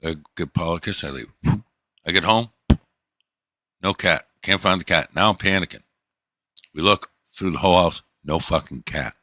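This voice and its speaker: A man's voice: sits low, moderate pace, long pauses, pushed and bright, dry recording. A man livestreaming, telling a long rambling story to his chat in loose, profane casual talk.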